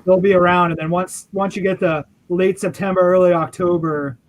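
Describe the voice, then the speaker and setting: A man's voice: high-pitched, steady tone, moderate pace, poor audio. A man chatting casually and bluntly with friends, swearing now and then. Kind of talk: casual chat.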